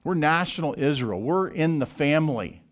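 A man's voice: on the high side, lively intonation, moderate pace, voice pushed up, close to an everyday voice. A man voicing indignant, defensive religious leaders, raising his voice in protest. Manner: protesting, raised and emphatic.

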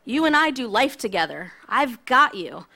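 A woman's voice: fairly high pitch, big pitch swings, normal speed, vocal fry, pushed and bright, exaggerated voice. A woman voicing an earnest disciple pledging loyalty. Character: impassioned male disciple vowing loyalty.

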